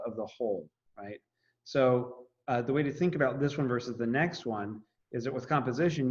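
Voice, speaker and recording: A man lectures a classroom in a loose, casual way. He thinks out loud and stumbles into restarts. His voice sits mid-range and the recording sounds slightly dull. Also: medium pitch. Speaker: teacher.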